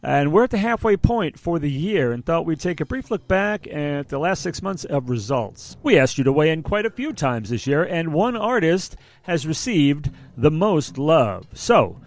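A man's voice: fairly high pitch, very animated, normal speed, hardly any pauses. A man co-hosting a music show in casual chat, rambling and self-deprecating, often restarting his sentences.

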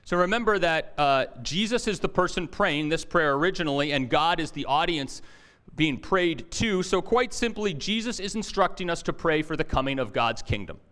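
A man giving a conversational sermon as a pastor, with fillers and restarts, and praying in a hushed, slow voice. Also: a little high, animated.

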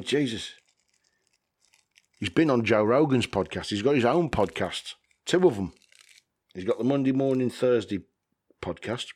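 A man hosting a podcast, rambling casually, swearing freely and chuckling often. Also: on the low side. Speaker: podcast host.

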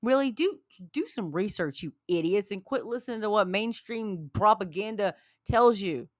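A woman's voice: mid-range voice, normal speed, dry recording, clean studio sound. Angry preachy woman ranting. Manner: heated, preachy, repeats herself. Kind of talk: angry political rant to viewers.

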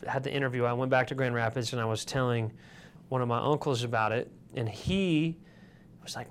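Brief: man from Michigan, mid-pitched guest, loose rambling storyteller. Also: brisk, slight background noise. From Michigan, USA. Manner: rambling, with filler words and restarts. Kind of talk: casual storytelling.

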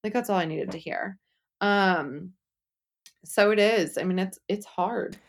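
A woman's voice: mid-range voice, measured pace. A young woman speaking candidly as an interview guest, chatty and full of "like" fillers, acting out what others said. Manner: chatty, frequent "like" fillers, acts out quotes.

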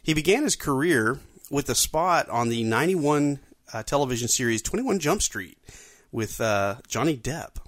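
A man's voice: medium pitch, lively intonation, moderate pace, fairly bright tone, dry recording. A man hosting a podcast, talking casually with frequent fillers and restarts. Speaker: podcast host.

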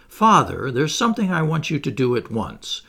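A man raising his voice to play a proud young aristocratic lady who speaks briskly and commands. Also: mid-range voice, huge pitch swings, creaky, pushed and bright, voice pushed up, heavily acted. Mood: commanding.

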